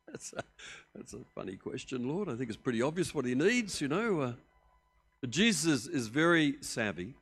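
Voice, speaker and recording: A middle-aged man, preaching a sermon as pastor, telling the story with lively acted-out voices that swing from loud to hushed. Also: medium pitch, normal speed, slightly rough. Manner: animated storytelling, acting out voices with big swings in loudness.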